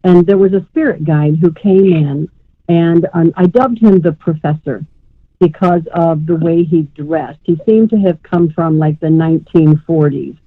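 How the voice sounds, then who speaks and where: A deep-voiced woman medium takes her time with a live reading on a radio call-in show, wandering warmly through her thoughts and calling the caller sweetheart. The recording is dry, coming over a tinny phone line.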